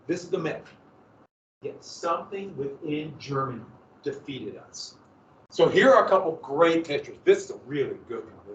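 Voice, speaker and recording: An American man teaching a history class, animated, asking the class questions and answering them himself. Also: on the high side, slight background noise. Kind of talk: classroom lecture. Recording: echoey room, distant mic, muffled.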